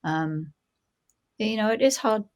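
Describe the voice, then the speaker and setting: A British woman with a middle-class English estuary accent, a guest accent coach explaining in a measured way on a podcast. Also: mid-range voice, lively intonation. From Britain. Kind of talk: casual podcast chat.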